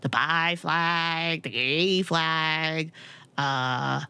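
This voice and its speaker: Her voice is deep, gravelly yet smooth, with drawn-out words, and the recording is dry. She's a young woman casually chatting while streaming a game, giggling often as she tells animated stories.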